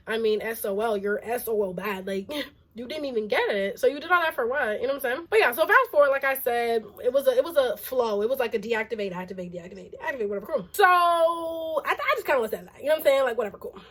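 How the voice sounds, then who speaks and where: High-voiced young woman telling a storytime. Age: young adult. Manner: animated and exasperated, heavy use of "like". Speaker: vlogger. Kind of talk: casual storytime.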